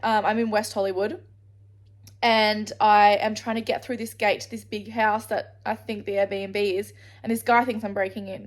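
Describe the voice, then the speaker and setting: Her voice is mid-range and level, delivered at a moderate pace. An Australian vlogger addresses the camera with a meandering travel anecdote, dropping swear words freely and restarting sentences partway through.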